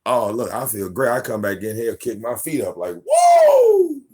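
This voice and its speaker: A man in his forties, host of a live stream, telling casual stories about his daughter in a profane, animated way, acting out what people said. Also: fairly low pitch. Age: 40s. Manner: profane, animated, acts out quotes. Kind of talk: casual storytelling.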